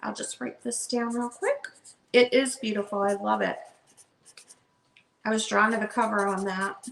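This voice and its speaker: A woman's voice: mid-range voice, fairly even intonation, moderate pace, vocal fry, fairly bright tone. A woman chatting casually as she shows books for a live online sale. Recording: roomy echo.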